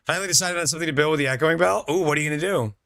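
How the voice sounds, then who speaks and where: A man's voice: on the high side, rapid-fire, vocal fry, bright, forceful tone, no echo, studio quality. A young man streaming a game, chatting casually with his viewers and answering their messages. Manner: chatty, reads out and answers chat, laid-back. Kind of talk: casual chat with viewers while gaming.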